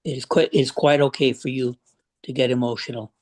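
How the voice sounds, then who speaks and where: A man serving as a state senator, giving measured, reassuring remarks at a committee hearing. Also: medium pitch, fairly even intonation, darkish tone.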